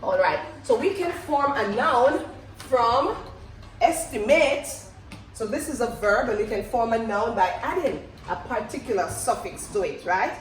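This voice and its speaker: A woman leads children through a phonics lesson, bright, playful and coaxing as she draws out answers. Her voice sits a little high. The sound is caught from a distance in an echoey classroom. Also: unhurried. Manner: energetic, upbeat, playful with children, coaxing call-and-response. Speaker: reading teacher.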